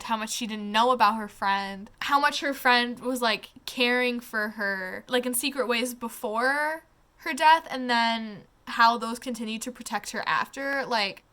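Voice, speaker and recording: A woman's voice: on the high side, bright, forceful tone. A young woman giving a casual book review, gushing and emotional, close to tears, with lots of "like" and casual swearing. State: tearing up.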